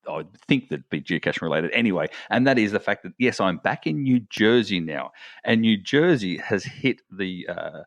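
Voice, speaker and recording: Low-ish guy podcasting, rambly storyteller, dry close mic. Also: expressive, moderate pace, no echo, highs cut off. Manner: rambling, builds long stories with many restarts. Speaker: podcast co-host. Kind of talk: casual chat.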